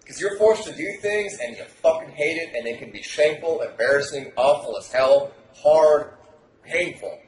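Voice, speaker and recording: Guy coaching about dating, loud and swearing a lot, a bit high voiced, echoey room with faint hiss. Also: animated, normal speed. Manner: loud, emphatic and profane, projecting hard. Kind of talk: animated podcast talk. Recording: roomy echo, faint noise.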